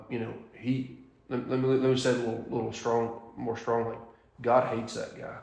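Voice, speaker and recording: A man's voice: mid-range voice, gravelly, roomy sound. A man leading a Bible study in a church room, blunt and emphatic, with frequent "um"s and restarts.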